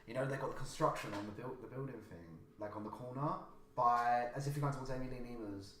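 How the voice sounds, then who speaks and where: A man's voice: mid-range voice, fast talker. A young man telling a rambling, sweary story on a casual podcast. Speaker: podcast co-host. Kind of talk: casual chat. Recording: roomy, slightly noisy.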